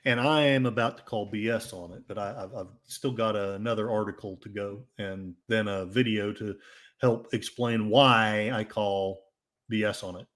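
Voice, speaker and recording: A man's voice: fairly low pitch, fairly even intonation, moderate pace, a bit bright. A man with an Oklahoma accent hosting a casual livestream, reading chat comments in a rambling, jokey and self-mocking way. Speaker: livestream host.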